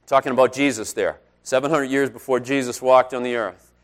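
A middle-aged man, a pastor, preaching a conversational sermon and telling personal stories, growing louder on key points. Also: mid-range voice, fairly even intonation, brisk.

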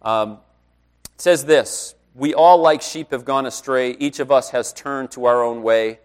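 A man's voice: mid-range voice, unhurried, clean tone. Conversational middle-aged man preaching. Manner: conversational preaching with personal stories, rising loud on emphasis. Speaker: pastor. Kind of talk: sermon.

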